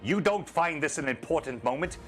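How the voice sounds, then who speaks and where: A man's voice: on the high side, expressive, fairly quick, a bit bright, soft background music, pitched above the performer's own voice. A man voicing suspicious, formal city guards in a tabletop game.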